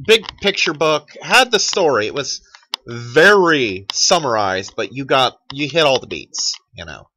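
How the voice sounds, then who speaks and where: A man's voice: medium pitch, very animated, measured pace, bright, forceful tone, poor audio. A man in his thirties ranting in a profane, sarcastic monologue as a channel host, mocking other people in put-on quotes.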